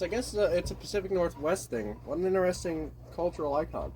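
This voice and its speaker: A man from the desert Southwest of the US rants to camera in a blunt, rambling monologue that is often profane. His voice sits a bit higher than most men's, with a faint hiss of noise under it. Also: expressive, a little fast, hardly any pauses, a little mellow. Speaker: vlogger. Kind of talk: casual monologue rant.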